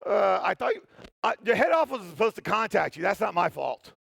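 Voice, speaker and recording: A man's voice: high voice, very animated, fairly quick, vocal fry, fairly bright tone, husky, dry recording, exaggerated voice. A man voicing a flustered female bank employee who stammers defensively.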